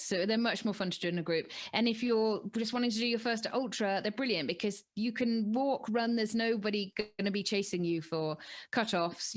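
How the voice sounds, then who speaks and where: A woman co-hosts a running podcast in a relaxed, chatty way, laughing easily. Her voice sits in an ordinary middle pitch. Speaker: podcast co-host. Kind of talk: casual chat.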